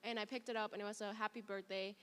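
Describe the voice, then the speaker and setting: A woman's voice: mid-range voice, flat delivery, quick pace, fairly bright tone. Earnest young woman in a reverberant hall. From abroad. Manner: emotional, candid, earnest. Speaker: student panelist. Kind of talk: personal story on a panel. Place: performing arts hall. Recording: long reverb in a large hall.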